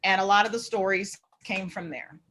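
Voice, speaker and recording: A woman telling lively stories as a guest on a video call, acting out the people in them. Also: medium pitch, normal speed, breathy edge. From Omaha, Nebraska. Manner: lively, acts out voices in her anecdotes. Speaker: guest author. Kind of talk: animated storytelling on a video call.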